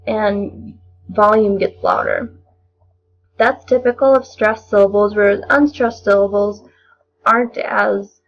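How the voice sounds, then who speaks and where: A young woman giving a measured, explanatory spoken analysis of a poem as a lesson. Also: mid-range voice. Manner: measured, explanatory, occasional restarts. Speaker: student presenter. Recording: dull lo-fi recording.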